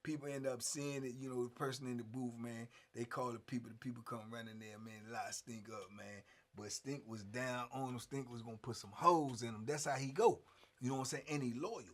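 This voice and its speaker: A middle-aged man, telling prison stories in a casual, animated way and acting out what others said. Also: medium pitch, fairly quick. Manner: animated, acts out quotes, frequent "man". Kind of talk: casual storytelling.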